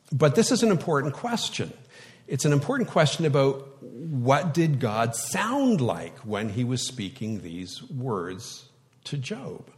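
Slow, reflective male preacher in a hall. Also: medium pitch. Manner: slow, reflective delivery with sudden loud emphases. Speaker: pastor. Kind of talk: sermon. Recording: long hall reverb.

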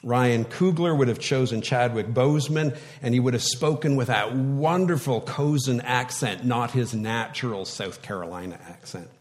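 A male pastor preaching a sermon in a slow, reflective way, with sudden loud words for emphasis. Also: medium pitch. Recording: long hall reverb.

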